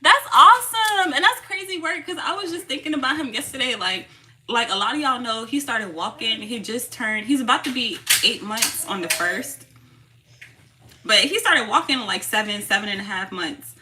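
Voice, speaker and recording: A woman's voice: fairly high pitch, expressive, normal speed, noisy background. A woman in her thirties chatting casually on a live stream as a tarot channel host, affectionate and laughing often as she greets viewers. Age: 30s.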